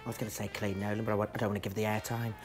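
A man's voice: little pitch movement, soft background music. A male drag queen chatting crudely and campily while reacting to a dating show. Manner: crude, camp, quick jokes with big pitch swings. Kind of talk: bawdy casual chat.

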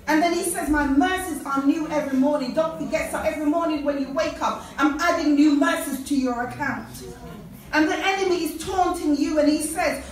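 A woman's voice: sits high, moderate pace. A Jamaican woman preacher giving a fervent sermon, quoting scripture to a church congregation. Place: large church. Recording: echoey church from far off.

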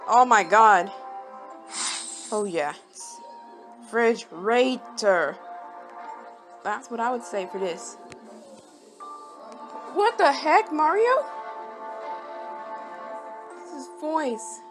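A woman giving rambling, casual game commentary, breaking into sudden excited exclamations. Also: medium pitch, takes it slowly, long pauses. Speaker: gameplay commentator. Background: game music.

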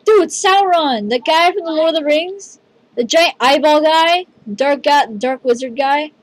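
A woman hosting a gameplay video with a fairly high voice. She talks in an excitable, rambling way, leaning on "dude" as she reacts. Her delivery is loose, casual commentary. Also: measured pace, no room sound, low-quality recording.

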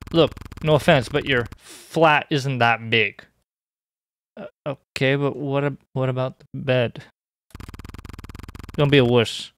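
A young man streaming a horror game, joking and excitable, bursting into high squeaky outbursts. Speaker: gaming streamer.

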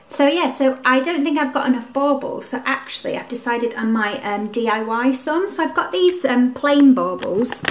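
Girl vlogging to camera, bit high voice, chatty, roomy living room sound. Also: animated, normal speed, hardly any pauses. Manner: chatty and upbeat, with many ums and "really, really". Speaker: lifestyle vlogger. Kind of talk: casual vlog chat to camera. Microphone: camera mic.

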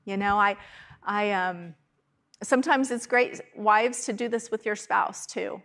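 A woman's voice: mid-range voice, measured pace, a bit bright. Conversational woman preaching a sermon. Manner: conversational, frequent "okay?" and "right?" check-ins. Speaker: pastor. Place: church.

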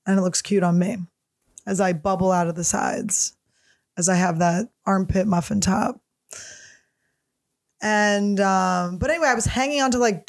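A woman comedian hosting a podcast, rambling in stream-of-consciousness style and swearing freely. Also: mid-range voice. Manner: rambling stream-of-consciousness, profane, jumps topics. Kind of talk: casual solo podcast chat.

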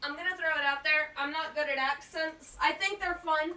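A woman's voice: high-pitched, steady tone, normal speed, sharp tone. A young woman, chatting casually with her live-stream audience from home, laughing often and poking fun at herself. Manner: bubbly, laughs often, chatty and self-deprecating. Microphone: webcam and computer mic.

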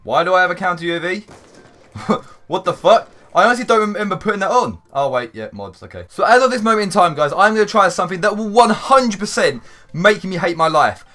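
Lively, bright-voiced gamer guy. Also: high voice, brisk. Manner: excitable, rambling and sweary, with sudden shouts. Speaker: gaming YouTuber. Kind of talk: live gameplay commentary.

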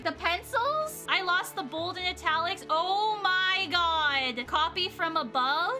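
A young woman streaming a puzzle game, excitable and thinking aloud as she goes, often counting under her breath. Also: very high-pitched, slow, hardly any pauses. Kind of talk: live game stream chat. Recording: background music under voice.

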